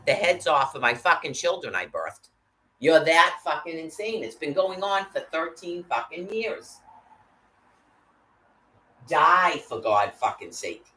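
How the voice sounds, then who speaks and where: A woman's voice: fairly low pitch, a bit bright, poor audio. A woman delivering an angry, profane rant, cursing constantly and hurling threats.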